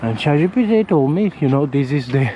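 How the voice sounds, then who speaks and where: A man from Italy with an Italian accent, chatting casually on a walking vlog and often pausing to search for words, talking into a camera outdoors on a windy street. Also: on the high side, animated, mellow, rough recording. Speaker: vlogger. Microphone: camera mic held near the face. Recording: faint wind and traffic noise outdoors.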